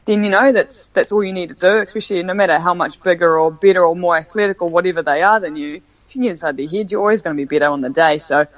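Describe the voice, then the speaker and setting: A woman with a New Zealand accent, a sports captain talking casually as a podcast guest, laid-back and quick to laugh. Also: on the low side, no room sound, lo-fi sound.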